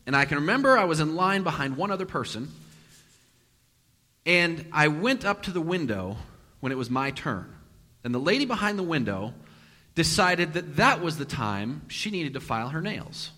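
A male pastor delivers a sermon woven with a personal story, acting out the quotes with sudden loud bursts and hushed asides. His voice sits a bit high and bright, rising and falling widely. The sound carries the long reverb of a large hall. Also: big pitch swings, normal speed.

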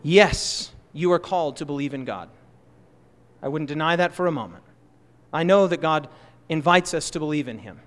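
A man preaching a sermon in a church, impassioned, swinging between loud emphatic bursts and soft, slow asides. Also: a little high, long reverb tail.

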